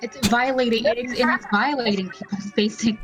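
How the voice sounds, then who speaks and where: A woman's voice: a little high, fairly even intonation, fairly quick, over music, poor audio. A woman with an American accent, speaking in an indignant, emphatic way in a casual group podcast chat.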